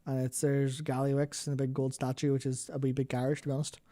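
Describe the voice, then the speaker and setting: A man's voice: mid-range voice, monotone, quick pace, mellow. A tired man, co-hosting a casual live stream, rambling and swearing as he looks for things. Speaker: co-host.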